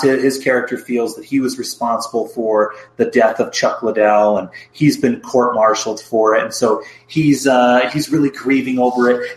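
Male film-review co-host, animated recapper, average pitch, echoey room. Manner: animated, recaps plots with frequent restarts. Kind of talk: casual film review chat.

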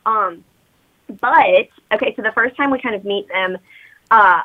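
A woman's voice: mid-range voice, measured pace, phone-quality sound. A woman co-hosting a podcast, recapping a movie as a chatty, rambling storyteller. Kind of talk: casual chat recapping a movie.

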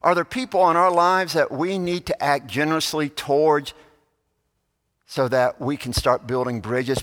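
Pastor preaching in a reverberant church. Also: male voice, on the high side, measured pace, a bit bright. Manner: storytelling, voices quoted characters. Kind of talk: sermon.

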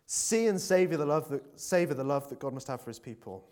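A man's voice: on the high side, lively intonation, brisk, a little mellow. A man preaching a conversational sermon in a church, earnest and full of fillers, building to emphatic appeals.

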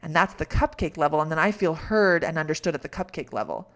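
A middle-aged woman talks through a personal story in a reflective coaching tone. She is candid and laughs at herself now and then. Her voice sits a little on the low side. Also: fast. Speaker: podcast host.

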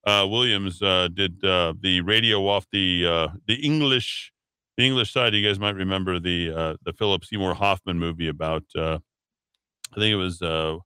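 Low, smooth-voiced male radio host. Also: normal speed, sharp tone, no room sound. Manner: rambling, filler-heavy, swings up in pitch when handing over. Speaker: radio talk show host. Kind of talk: casual radio talk.

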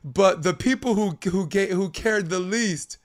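A Brooklyn-raised podcast host with a somewhat high voice. He talks emphatically, hammering his points home with repetition and laughter. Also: a little slow. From Brooklyn, New York. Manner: animated, emphatic, repeats himself, laughs. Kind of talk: casual podcast conversation.

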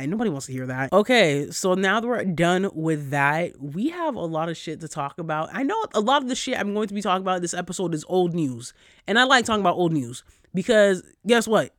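A man's voice: sits high, no echo, studio quality. A man hosting a casual solo podcast, ranting and telling stories with lots of swearing while he gets over a cold. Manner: profane, animated storyteller. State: recovering from a cold. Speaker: podcast host.

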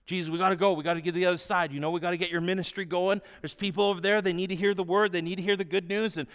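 Eager disciples crowd in with a plan, their voice pitched high and pushing hard. A preacher puts them on mid-sermon. The sound rings with a long reverb through a large hall. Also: male voice, level tone, close to an everyday voice. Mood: eager pleading. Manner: fast, high, loud pleading. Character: eager pushy male disciples, excitable and anxious.

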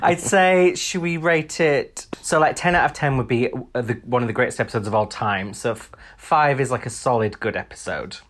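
A man's voice: mid-range voice, normal speed, hardly any pauses, a bit bright. A man from Huddersfield, co-hosting a podcast in casual, teasing chat. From Huddersfield, England. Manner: chatty, laughing, teasing. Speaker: podcast co-host.

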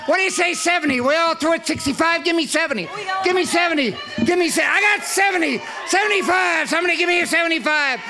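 A man calling out a rapid auctioneer chant, loudly rattling off bids one after another. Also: very high-pitched, crowd noise. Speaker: volunteer auctioneer.

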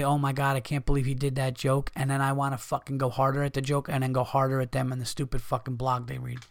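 A man rants on his comedy podcast in a mid-range voice, swearing freely and pushing his points hard. The recording is dry, with no room echo. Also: medium pitch. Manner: profane, heated ranting. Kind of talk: casual podcast monologue.

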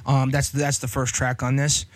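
A man chatting casually on a podcast, animated and profane, breaking into loud yells when he imitates people. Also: mid-range voice, moderate pace. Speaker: podcast co-host. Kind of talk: casual chat.

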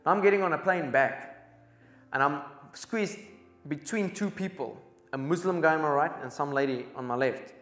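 A man from Africa, telling an animated testimony as a preacher and acting out the dialogue. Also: a little high, moderate pace, roomy sound, faint music behind. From South Africa. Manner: excitable storyteller who acts out dialogue.

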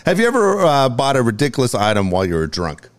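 A man's voice: mid-range voice, huge pitch swings, fast talker. A man co-hosting a casual podcast, blunt and profane, who coaches youth baseball. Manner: blunt, profane, asks offbeat questions. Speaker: co-host.

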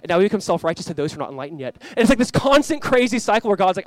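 A young man preaching a sermon, animated and storytelling, acting out quoted voices. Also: high-pitched, racing, no room sound. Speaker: pastor.

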